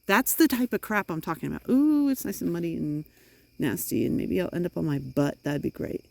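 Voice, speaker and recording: A middle-aged woman talks through a frustrated vlog monologue while walking outside in the rain. Her voice sits at an ordinary pitch and comes across dry and close, as if from a phone held near. She is emphatic and fed up, leaning hard on her words. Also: animated, normal speed, vocal fry, darkish tone, dry recording. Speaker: vlogger. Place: outdoors in the rain.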